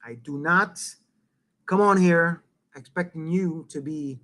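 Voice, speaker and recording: A middle-aged man hosting a casual live stream, rambling and swearing, with loud bursts that drop to muttering. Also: on the high side, slow pace. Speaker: live-stream show host.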